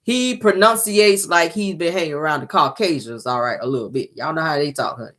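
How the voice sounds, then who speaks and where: A woman's voice: low voice, fairly quick, a bit bright. A woman casually recapping a reality TV episode, talking sassily straight to her viewers. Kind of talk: casual show recap commentary.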